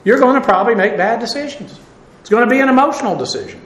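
Man, preacher, high voice, folksy conversational sermon, roomy echo. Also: lively intonation, fast, a bit bright. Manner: conversational, folksy, with frequent "uh" and asides.

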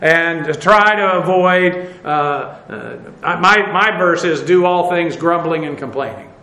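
A man's voice: a little high, slow pace, sharp tone, echoey room, poor audio. An older man preaching a sermon as pastor, in a conversational way with many fillers and restarts.

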